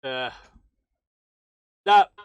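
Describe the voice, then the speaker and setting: A man's voice: extremely slow, dry recording, muffled recording. Blunt man, dry sound. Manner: blunt, sweary, laughs along. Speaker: podcast co-host. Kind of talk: casual banter.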